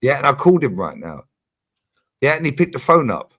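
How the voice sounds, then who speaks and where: A man hosting a casual livestream chat, animated and emphatic, swearing freely and repeating his points. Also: medium pitch, a little fast, husky. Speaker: streamer host.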